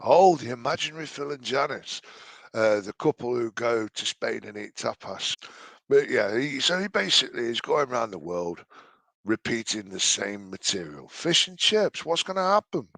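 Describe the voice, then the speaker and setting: A man's voice: mid-range voice, animated, normal speed, creaky, a bit bright, no room sound. A man giving mocking, exasperated reaction commentary on a video, swearing freely.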